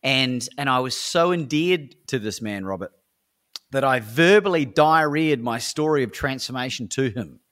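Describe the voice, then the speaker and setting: A man's voice: medium pitch, lively intonation, normal speed, fairly bright tone. An Australian man is telling his stories as a podcast guest. He speaks with eager, emphatic energy and often repeats a word as he restarts a sentence. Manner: enthusiastic, emphatic, repeats words when he restarts. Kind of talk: animated storytelling in a podcast interview.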